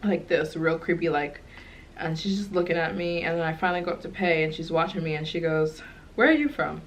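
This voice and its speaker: A young woman telling a travel story to camera, rambling and animated with many fillers. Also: low voice, brisk, a little hiss or hum. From United States. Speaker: travel vlogger.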